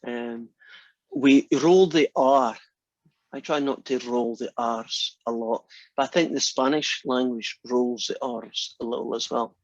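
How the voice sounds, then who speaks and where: A man's voice: mid-range voice, fairly even intonation, a little slow, dry recording, highs cut off. A Scottish man giving a math lecture in a classroom, chatty and often restarting his sentences. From Scotland.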